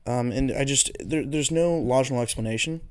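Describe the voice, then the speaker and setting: A man's voice: mid-range voice, a little fast, smooth. A man hosting a casual solo podcast, rambling through goofy tangents with lots of swearing. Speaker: podcast host.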